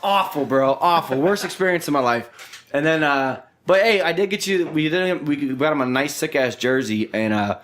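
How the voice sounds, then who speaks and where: A young adult man hosting a podcast, telling stories in an animated, profane way and saying "dude" and "bro" a lot. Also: on the high side, normal speed. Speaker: podcast host. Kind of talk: casual storytelling chat.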